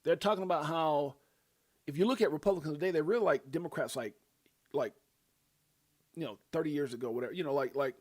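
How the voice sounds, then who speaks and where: A man's voice: on the high side, quick pace, long pauses. A middle-aged man hosting a crypto livestream in a rambling, chatty way, with many fillers and easy laughs. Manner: laughs easily. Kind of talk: casual livestream chat.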